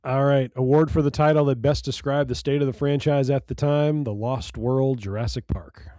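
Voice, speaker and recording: A man's voice: medium pitch, steady tone, moderate pace, dark tone, no echo. A man co-hosting a podcast in casual chat, mostly giving brief agreeing remarks. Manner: brief agreeing interjections, reads award titles. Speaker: podcast co-host.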